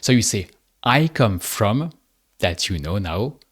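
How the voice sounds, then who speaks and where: A man teaching spoken in a guided speaking lesson, patient and deliberate, drawing out each example phrase. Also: fairly low pitch, animated, husky. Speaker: French teacher.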